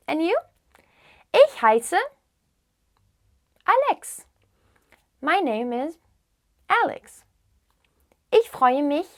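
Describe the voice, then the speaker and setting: A woman teaching a beginner language lesson, modelling phrases slowly and translating each one patiently. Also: sits high, vocal fry. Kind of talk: slow, clear teaching with repetition.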